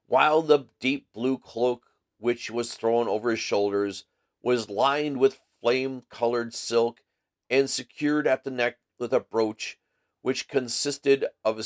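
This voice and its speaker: A man hosting a live book reading who reads a story aloud in a steady, measured way with the odd small slip. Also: mid-range voice.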